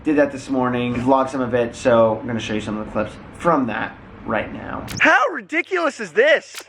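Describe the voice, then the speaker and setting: An excitable man chatting casually in an outdoor vlog on a small handheld camera, laughing often. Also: mid-range voice, moderate pace. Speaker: vlogger. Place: outdoors at a tower site. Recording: outdoor crowd noise.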